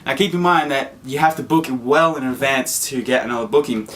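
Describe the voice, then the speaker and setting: A young man telling a story to camera in a casual, excitable vlog, full of fillers and acted-out quotes. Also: medium pitch, fairly quick. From Australia. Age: young adult. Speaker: vlogger.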